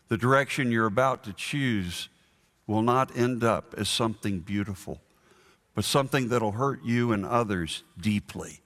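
Slow earnest preacher man. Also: lowish voice, a bit bright, big-room sound. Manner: slow, earnest, emphatic with repetition. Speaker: pastor. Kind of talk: sermon.

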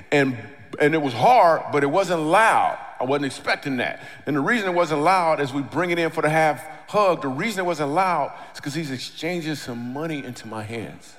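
A middle-aged man on stage doing stand-up storytelling, animated, acting out the lines of the people in his story. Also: a little high. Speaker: comedian and speaker. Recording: long reverb of a large hall.

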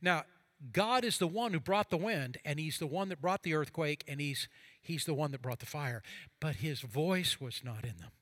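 A man, a pastor, preaching a sermon, moving from fervent passages to hushed quiet ones and reading scripture aloud with drama. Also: on the high side, lively intonation, moderate pace, no room sound.

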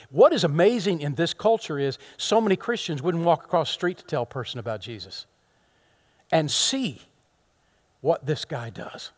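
A middle-aged man preaching a sermon to his congregation, swinging from loud, impassioned rises to soft, near-whispered asides. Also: a little high, expressive, moderate pace. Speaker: pastor.

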